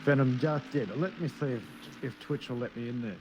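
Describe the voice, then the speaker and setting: Middle-aged aussie bloke doing race calls, gruff chatty, mid voice, heavy noisy audio. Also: male voice, mid-range voice, brisk. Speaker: race commentator. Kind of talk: live sim racing commentary. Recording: loud noise on stream audio.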